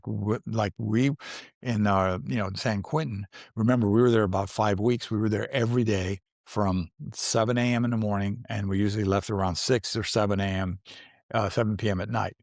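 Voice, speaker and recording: A man's voice: on the low side, darkish tone, no room sound, clean studio sound. A man in his sixties, an actor as a guest, telling stories in a casual interview, rambling, restarting often and laughing as he goes. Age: 60s.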